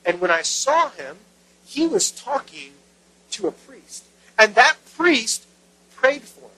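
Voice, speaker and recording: Preacher doing a scheming male informer, wheedling, bright tone, hesitant repeats. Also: medium pitch, big pitch swings, slightly rough, voice pushed up, exaggerated voice, rough recording. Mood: sly, fawning. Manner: wheedling, feigned reluctance, halting repeats. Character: sly scheming male henchman, fawning informer.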